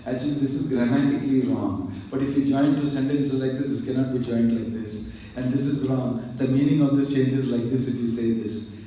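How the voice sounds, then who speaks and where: A man's voice: medium pitch, fairly even intonation, brisk, warm tone, slight background noise, lightly acted. A man voicing a clever young boy who eagerly and insistently points out errors. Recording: very echoey distant hall recording.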